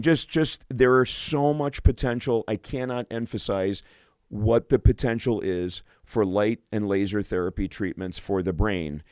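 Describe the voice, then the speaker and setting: A man's voice: medium pitch, a little mellow, clear, resonant tone, no echo, clean studio sound. A male physician hosting a radio show, talking enthusiastically on his own, often restarting and repeating words. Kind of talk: solo radio talk.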